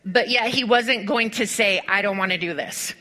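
A woman preacher delivering a sermon to a congregation, telling stories with lively rhetorical questions and speaking directly to her listeners. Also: medium pitch, moderate pace. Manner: animated storytelling with rhetorical questions.

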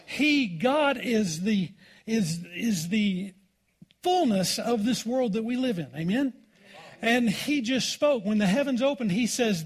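A man's voice: sits high, expressive, takes it slowly, breathy edge. A man pastor preaching a sermon in a church, in a folksy, informal way and calling out for "amen" from the congregation.

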